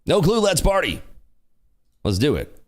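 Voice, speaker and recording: A man's voice: on the high side, very animated, a little slow. A man hosting a casual livestream, joking and teasing as he reads out the chat. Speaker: livestream host.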